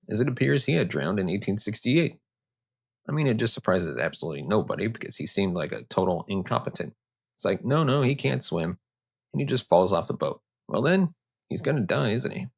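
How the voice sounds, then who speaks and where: A man with a lowish, husky voice hosts a history podcast, telling the story casually. He riffs off-script with sarcastic, joking asides.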